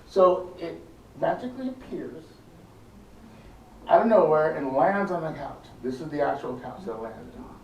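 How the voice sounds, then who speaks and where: Animated middle-aged man in an echoey theater. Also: fairly high pitch, normal speed. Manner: lively, acts out quoted voices. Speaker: theater tour guide. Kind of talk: animated storytelling on a tour. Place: large indoor theater. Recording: echoey room, voice from far off, faint hum.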